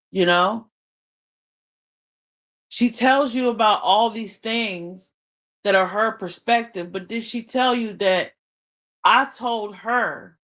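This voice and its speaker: A woman's voice: mid-range voice, fairly bright tone. A woman venting on a livestream, talking emphatically and swearing freely about a falling-out. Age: adult mother. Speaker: livestream host. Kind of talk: unscripted livestream monologue.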